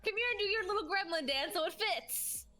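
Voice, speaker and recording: A woman's voice: very high-pitched, animated, brisk, bright, forceful tone, soft background music, voice pushed up, heavily acted. A woman voicing a hungry, bossy female kitchen gremlin in a whiny, demanding squeal. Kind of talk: playful improvised impression.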